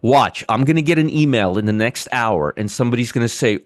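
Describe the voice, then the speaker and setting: A man talks through charts on a live trading show in a mid-pitched voice. He is sarcastic, circles back to the same points again and again, and answers viewers in the chat by name. The sound is dry and close, with no room around it. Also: lively intonation, fairly quick, dry recording. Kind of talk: casual live market commentary.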